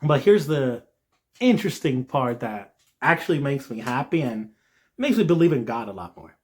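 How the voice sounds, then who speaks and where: A young man from New Jersey giving an earnest devotional talk, checking in often with "all right?" and letting his voice rise when he stresses a point. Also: normal speed. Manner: earnest, lively rises in pitch, frequent "all right?" asides. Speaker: Christian video creator.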